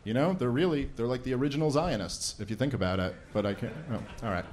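Fast-talking, with a medium pitch and a darkish tone, this man does a stand-up set to open a live event. He's sarcastic and rambly, regularly laughing at his own jokes.

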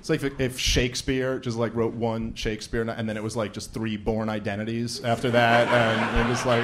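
A man opening a live event with stand-up keeps a level, medium-pitched tone at moderate pace, with few pauses and background noise behind him. His routine is sarcastic and rambling, punctuated by laughter at his own gags.

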